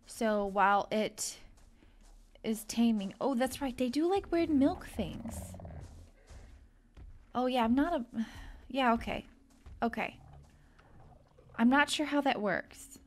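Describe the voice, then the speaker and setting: Young female let's-play host, unhurried and a touch high-pitched, who chats and coos at in-game creatures. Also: expressive, slight background noise. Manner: chatty, coos and gushes over the creature. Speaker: gaming video host. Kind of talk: casual let's-play commentary.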